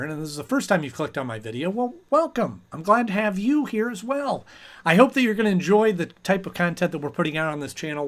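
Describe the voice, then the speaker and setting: A man hosting his channel, chatting casually in a rambling way with lots of fillers. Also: a little high. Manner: chatty, rambling with fillers, briefly acting out characters. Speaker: host and episode reviewer. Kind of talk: casual chat review.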